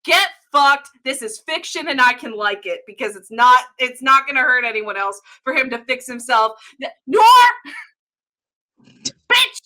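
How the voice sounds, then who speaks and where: Guest ranter: high-pitched woman, foul-mouthed and excitable, with sharp swings in delivery. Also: moderate pace, few pauses. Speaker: guest ranter on improv show. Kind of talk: comedic rant.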